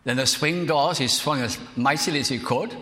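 Older Welsh preacher, bright carrying tone, earnest, lingers on key words, long church-hall reverb. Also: male voice, medium pitch, normal speed. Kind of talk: sermon with personal story.

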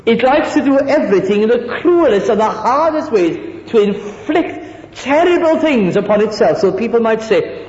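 Animated preacher in an echoey hall. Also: male voice, very high voice, normal speed, hardly any pauses. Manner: animated, drops to mimicking soft humble voices. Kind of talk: sermon. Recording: echoey hall, dull lo-fi sound.

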